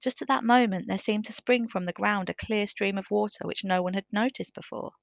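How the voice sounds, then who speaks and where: A woman narrating a storybook in a measured, careful reading. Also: medium pitch, creaky, no echo.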